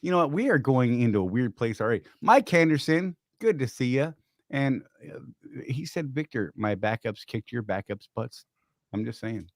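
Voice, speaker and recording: A man's voice: mid-range voice, lively intonation, moderate pace, no echo, studio quality. A man co-hosting a trucking livestream, joking and rambling in a casual chat while greeting viewers by name.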